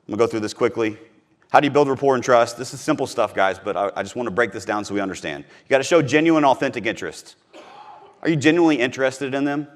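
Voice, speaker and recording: A man's voice: mid-range voice, fairly bright tone. A middle-aged man from Missouri giving a punchy, emphatic motivational talk on sales, repeating his key phrases. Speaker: podcast host teaching sales.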